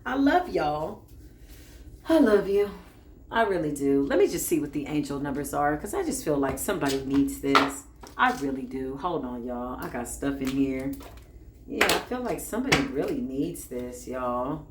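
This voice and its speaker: A woman giving a casual spiritual reading, talking in an animated, preachy way full of slang. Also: sits low, moderate pace, echoey room, heavy background noise. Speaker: spiritual reader. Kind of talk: casual spiritual livestream talk.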